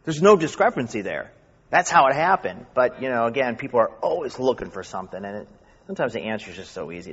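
A man from New York with a faint New York accent, a pastor preaching fast and reading scripture. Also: medium pitch, fairly bright tone. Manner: talks fast. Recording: echoey hall, dull sound.

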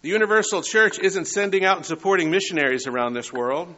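A man delivers a Sunday sermon in a bright, forceful voice, pitched a little high for a man. He reads scripture steadily and then presses his points with rising emphasis. The recording sounds dull and lo-fi. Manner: measured preaching, rising emphasis on key words. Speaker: pastor.

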